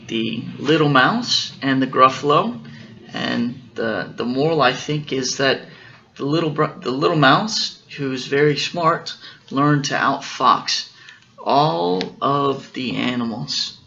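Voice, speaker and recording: Slow, gravelly dad reading aloud. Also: male voice, medium pitch, muffled recording. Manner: gentle, explains as he reads. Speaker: father reading a bedtime story. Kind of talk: storybook read-aloud with explanations.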